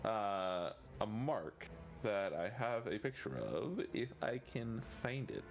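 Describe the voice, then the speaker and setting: A man acting as game master, describing scenes casually with halting fillers and frequent swearing. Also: lowish voice, lively intonation, faint music behind. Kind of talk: running a tabletop game.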